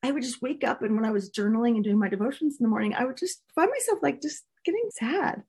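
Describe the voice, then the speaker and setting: A woman's voice: fairly high pitch, lively intonation, quick pace, a little mellow, husky. A woman coaching listeners in a casual, earnest, candid talk, laughing often. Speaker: coach teaching a course.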